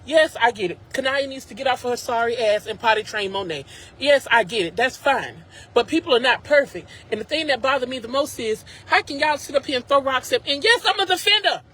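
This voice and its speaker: A man's voice: very high-pitched, a little fast, sharp tone, breathy edge, poor audio. A man vlogging from his car, upset and ranting emphatically to his viewers, repeating himself and addressing them directly on a phone mic. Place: in a car at a drive-thru.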